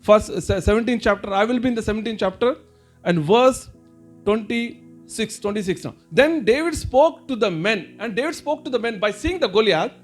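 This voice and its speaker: High-voiced Indian pastor preaching. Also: male voice, lively intonation, normal speed. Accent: Indian English. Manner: repeats and rephrases points, addresses listeners as brother and sister. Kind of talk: sermon. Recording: faint music behind.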